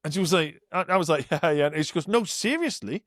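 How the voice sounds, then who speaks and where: A man's voice: a little high, fairly even intonation, fast talker, fairly bright tone, no room sound, clean studio sound. A man hosting a podcast, chatting casually, joking and laughing as he tells stories. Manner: jokey, laughing, mocks accents. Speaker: podcast host.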